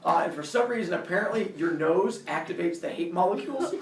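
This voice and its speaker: A man telling a childhood fight story in an animated way, laughing and acting out the voices. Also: sits high, brisk, slight background noise. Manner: animated, laughing, acts out quotes. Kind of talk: personal storytelling talk. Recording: roomy, distant camera audio.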